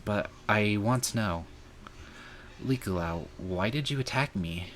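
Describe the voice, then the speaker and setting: Deep-voiced man reading a game aloud. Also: expressive, unhurried, fairly bright tone, slight background noise. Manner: earnest, emotional reading with some angry outbursts. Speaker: streamer. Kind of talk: reading a visual novel aloud.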